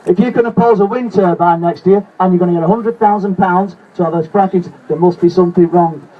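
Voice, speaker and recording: A man's voice: high-pitched, a little fast, highs cut off. A man from Lancashire, giving an impassioned anti-fracking speech at an outdoor protest and repeating rallying cries. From Lancashire, England. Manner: repetitive rallying cries, shouting to the crowd. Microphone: camera held in the crowd, away from the speaker. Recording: distant outdoor recording with crowd noise.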